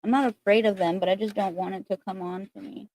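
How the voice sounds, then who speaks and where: A woman's voice: mid-range voice, steady tone, fast talker, a little mellow. A woman hosting a casual spiritual livestream, chatting in a rambling way full of fillers, recorded on a laptop.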